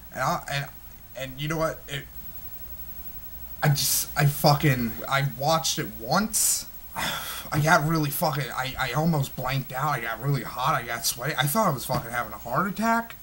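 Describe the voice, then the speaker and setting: A man's voice: mid-range voice, fairly bright tone, slight background noise. A man in his twenties reviewing a movie in an agitated, heavily profane rant, full of stumbling restarts. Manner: smoking while talking.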